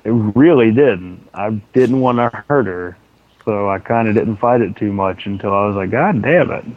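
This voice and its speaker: A man's voice: fairly low pitch, normal speed, dry recording. Profane man on a tinny line. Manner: profane, rambling storyteller. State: sore throat. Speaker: podcast co-host. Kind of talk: casual gaming podcast chat.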